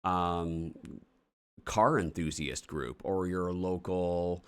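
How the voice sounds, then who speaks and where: Man, from Canada, very low voice, show host, casual rambling, blunt, swearing. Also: fairly even intonation, slow, clear, resonant tone. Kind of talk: casual morning show chat.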